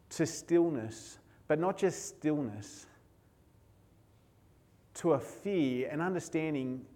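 Emotional pastor with a high, slow voice. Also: male voice. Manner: emotional, swings from hushed to raised. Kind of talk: sermon.

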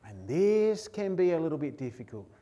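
A middle-aged man delivers a sermon in a fairly high voice. He preaches earnestly, stacking words into emphatic lists and circling back to short refrains. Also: sing-song, moderate pace, warm tone. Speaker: pastor.

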